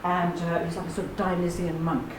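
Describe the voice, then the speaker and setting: A woman's voice: fairly low pitch, flat delivery, a little fast, slight background noise. A woman voice teacher leading a workshop, playful and self-deprecating, who breaks into sung vowels as she talks. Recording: echoey room heard from a distance.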